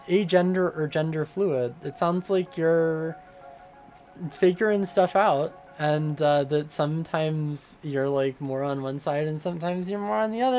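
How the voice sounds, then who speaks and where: Slow goofy streamer rambling at chat, lots of uh and like, faint music in the back. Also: mid-range voice, a little mellow. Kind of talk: casual livestream chat.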